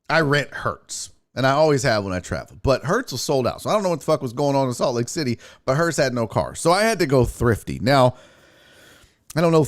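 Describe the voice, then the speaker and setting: Animated, profane man ranting. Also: medium pitch. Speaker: sports show host. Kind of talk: casual storytelling rant.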